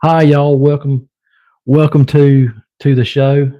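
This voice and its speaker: A man putting on a goofy, exaggerated Australian accent for a live stream, husky and hammy. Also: on the high side, level tone, takes it slowly, mellow, lo-fi sound, voice pushed up. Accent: put-on Australian. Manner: hammy and jokey.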